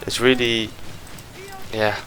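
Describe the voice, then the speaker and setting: A man's voice: mid-range voice, little pitch movement, slow pace, fairly bright tone, poor audio. A man giving a casual, rambling game review over gameplay, often stopping to search for words and restart his sentences.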